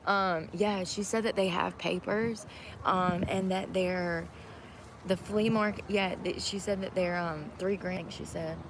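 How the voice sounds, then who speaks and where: A woman's voice: fairly low pitch, steady tone, takes it slowly. Rambling woman amid traffic noise. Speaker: live streamer. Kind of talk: casual chat.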